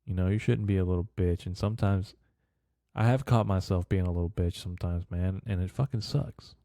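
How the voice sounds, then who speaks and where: A man's voice: sits low, steady tone, brisk, mellow, no room sound, clean studio sound. A man in his twenties hosting a podcast, rambling casually in a profane, bro-speak manner. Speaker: podcast host.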